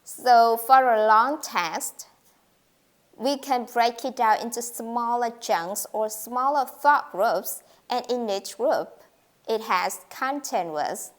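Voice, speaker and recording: A woman's voice: a little high, takes it slowly. A woman teaching an English pronunciation lesson, speaking carefully and modeling intonation with example sentences.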